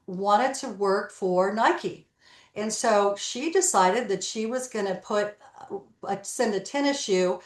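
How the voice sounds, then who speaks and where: A woman's voice: medium pitch, reverberant. A woman telling stories in an interview, acting out the dialogue as she goes. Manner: animated storyteller, acts out dialogue. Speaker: guest, real estate broker. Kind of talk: storytelling interview.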